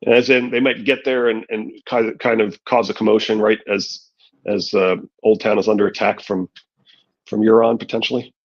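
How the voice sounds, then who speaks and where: A man's voice: fairly low pitch, little pitch movement, normal speed, lo-fi sound. A man reading a novel aloud and adding wry, thoughtful commentary. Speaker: podcast host reading aloud.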